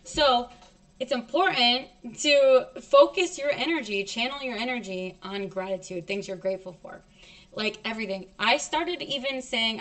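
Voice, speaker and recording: A woman's voice: fairly high pitch, normal speed, fairly bright tone. A young woman telling a personal story on a stream in a blunt, heavily profane, emotional and emphatic way.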